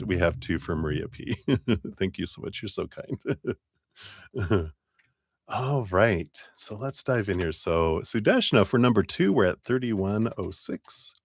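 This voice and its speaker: Low-voiced guy doing tarot readings on a live stream, laid back and chatty, dry close mic. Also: dry recording. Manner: relaxed, chatty, laughs often, talks to viewers by name. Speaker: tarot reader.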